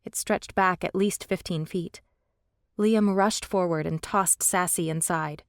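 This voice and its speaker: A woman narrating a fantasy audiobook in the first person, steady and measured, on a close studio mic. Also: lowish voice, dry recording.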